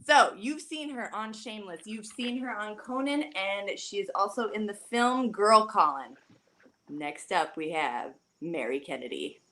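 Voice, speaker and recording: A woman's voice: mid-range voice, unhurried, pushed and bright. A woman hosting a comedy show, casually introducing the next act with some swearing and crowd hype. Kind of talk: emcee introduction.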